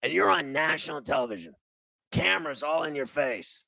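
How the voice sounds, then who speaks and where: Loud, gravelly ranting radio host man. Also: on the high side, a little fast, no echo. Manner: loud, profane, mocking ranting. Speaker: talk show host. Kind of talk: radio talk show rant.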